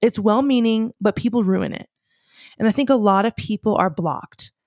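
Brief: young woman vlogger, casual rambling storyteller, mid-pitched voice, close dry sound. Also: normal speed, a little mellow, no echo. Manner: chatty, rambling, many "like" fillers. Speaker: vlogger, fashion student.

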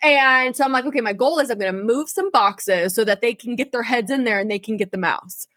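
A young woman with a slightly high voice tells a story in a loose, swearing, laugh-filled way. The sound is dry and close, with no room around it. She talks as a casual podcast co-host. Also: brisk, no echo. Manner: animated, profane storytelling with laughs.

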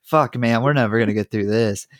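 A man's voice: mid-range voice, brisk, no echo. A man hosting a podcast in casual, jokey chat, speaking close into a podcast microphone. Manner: laid-back, jokey, prone to giggling. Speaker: podcast host. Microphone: studio podcast mic.

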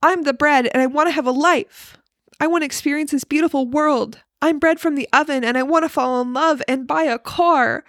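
A woman's voice: sits high, brisk, fairly bright tone, no room sound, studio quality, pitched above the performer's own voice. A woman voicing a sentimental male loaf of bread that earnestly pleads to live. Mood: pleading.

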